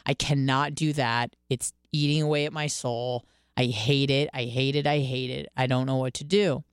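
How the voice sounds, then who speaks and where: A woman in her twenties hosting a radio podcast, telling candid stories in a casual, profane, animated way. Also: rumbling low, normal speed, clear, resonant tone, dry recording, studio quality. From Michigan, US. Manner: candid, profane, animated storytelling with quoted self-talk. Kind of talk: casual monologue.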